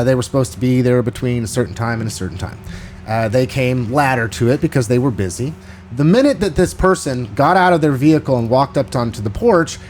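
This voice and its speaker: A man hosting a podcast, telling a story in a casual, animated and rambling way. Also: medium pitch, slight background noise. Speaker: podcast host.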